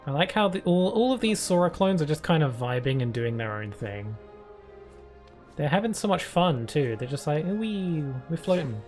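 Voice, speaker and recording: A man's voice: on the high side, expressive, moderate pace, darkish tone, faint music behind. A British man streaming a video game, chatting and rambling through casual commentary with frequent giggles.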